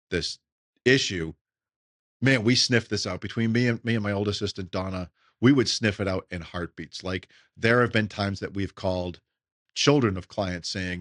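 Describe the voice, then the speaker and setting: Low-voiced man telling a story. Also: no echo, clean studio sound. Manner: animated, acts out quoted voices, restarts words. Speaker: podcast host, retirement advisor. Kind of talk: casual storytelling.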